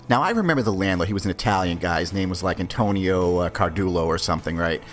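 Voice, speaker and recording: Podcast host, man, lowish voice, brash and swearing, faint music behind. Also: fast talker, few pauses. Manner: brash, profane, conversational. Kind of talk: casual storytelling.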